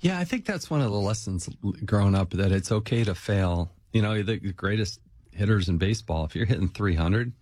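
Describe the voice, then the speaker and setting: Low-voiced male interview host. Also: expressive, brisk, darkish tone, dry recording. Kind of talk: casual interview chat.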